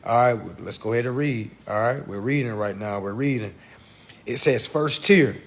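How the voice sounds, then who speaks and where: A man giving a casual livestream lesson, blunt and profane, talking fast and addressing his viewers directly. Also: medium pitch. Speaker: online instructor.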